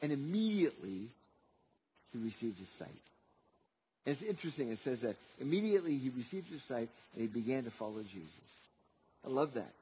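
A man preaching a sermon, often repeating words and swinging between loud emphatic lines and quiet, soft passages. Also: medium pitch, very animated, brisk, long pauses, a little hiss or hum.

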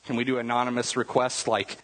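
A man's voice: mid-range voice, monotone, a little fast, long reverb tail. A man preaching a sermon as pastor, in a conversational way, often checking in with the congregation by asking "right?". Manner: casual, rhetorical asides with frequent "right?".

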